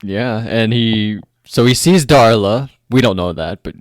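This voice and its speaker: Relaxed man in halting podcast chat. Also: lowish voice, no room sound. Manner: relaxed, halting, repeats words. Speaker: podcast co-host. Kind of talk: casual chat.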